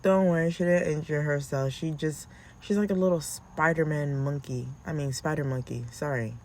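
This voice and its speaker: A woman telling casual, animated stories as a podcast host, acting out how she scolds her kids. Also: sits low, moderate pace. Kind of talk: casual storytelling.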